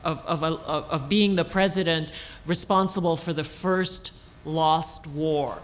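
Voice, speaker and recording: A woman author answering audience questions on a panel at a public talk, thoughtful and halting, with many restarts and fillers. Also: sits low, fairly even intonation. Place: auditorium stage.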